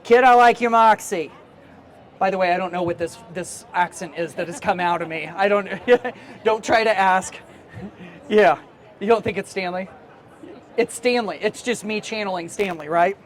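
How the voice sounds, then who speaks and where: A teacher trainer and conference presenter speaks in a voice that sits high, at normal speed. He runs a live workshop talk in a casual, chatty manner, laughing easily as he addresses the room.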